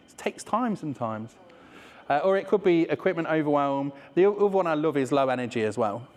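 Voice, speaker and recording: A man's voice: a little high, animated, fairly quick, darkish tone, in a large hall. A man with a Leicester accent giving a casual, swearing business talk to a live audience, often asking "right?". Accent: Leicester English. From England. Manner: chatty and swearing, with many "right?" asides. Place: room with an audience.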